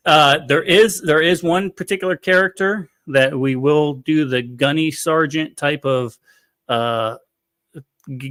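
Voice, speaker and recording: A man's voice: a little high, pushed and bright, dry recording, studio quality. A man in his forties from Florida hosting a podcast in casual chat, easygoing and rambling, often laughing. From Florida, USA. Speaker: podcast host.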